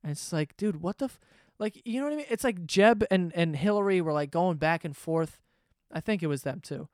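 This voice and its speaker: A man's voice: high voice, lively intonation, a little fast, a little mellow, no room sound, studio quality. A man ranting sarcastically and swearing freely in a casual comedic monologue, host of his own podcast.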